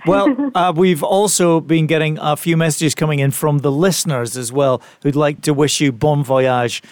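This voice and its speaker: A man hosting breakfast radio with a slightly high voice and a quick, jokey patter. The sound is dry and close, as in a studio. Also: no echo. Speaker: radio breakfast show host.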